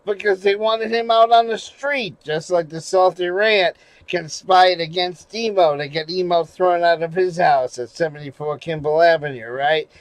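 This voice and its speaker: A man's voice: high voice, normal speed, no room sound, poor audio. Profane rambling male live streamer. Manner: rambling, profane, shifts from mumbling to loud ranting. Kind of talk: casual live stream chat.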